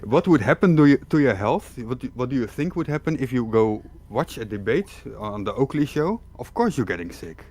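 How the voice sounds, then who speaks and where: A man's voice: mid-range voice, big pitch swings, a little fast, few pauses, darkish tone, slight background noise. A man joining a casual live stream chat as a guest, speaking in a dry, teasing way and laughing at his own jokes.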